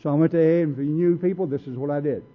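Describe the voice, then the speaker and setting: Rapid-fire and a little high-pitched, a man tells his story at a recovery meeting, playing out other people's words in a streetwise, no-nonsense way. It's recorded with a thin, phone-like sound.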